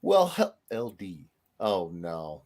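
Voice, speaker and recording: A man hosting a casual livestream, jokey and animated as he greets viewers. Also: low-pitched, slow. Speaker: host.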